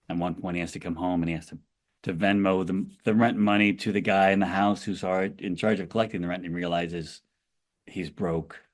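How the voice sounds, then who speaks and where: Very deep-voiced author guest man. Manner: thoughtful, rambling with restarts and "you know". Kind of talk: podcast interview.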